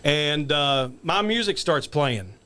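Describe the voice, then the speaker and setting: Man, middle-aged, from the United States, casual podcast chat, animated, rambling, fillers, fairly high voice. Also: slow, clear, resonant tone. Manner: rambling, animated, many fillers, laughs often. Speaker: wrestling commentator, podcast guest.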